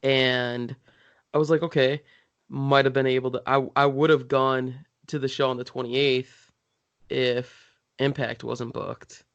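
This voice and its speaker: A man's voice: medium pitch, flat delivery, unhurried, fairly bright tone, dry recording. A man, a wrestler on a podcast, talking bluntly in casual chat and swearing offhand. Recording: dull dry lo-fi sound.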